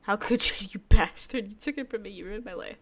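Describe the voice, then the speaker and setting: A woman reading a young game heroine's narration and lines aloud, quiet and steady with flashes of defiance. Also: mid-range voice, a little fast, voice pushed up, natural voice.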